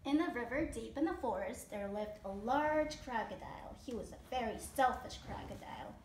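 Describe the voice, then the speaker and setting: A woman with a high, bright voice reads a children's picture book aloud, giving each sentence an animated, expressive lift. She is recorded at home in an echoey room with a faint hiss behind her. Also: moderate pace. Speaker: mother reading aloud. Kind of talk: children's story read-aloud.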